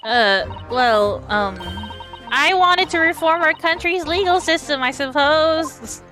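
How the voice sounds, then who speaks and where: A woman's voice: high voice, expressive, takes it slowly, pitched above the performer's own voice. Woman reading a hesitant young lawyer. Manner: hesitant, polite, stammering. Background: game music.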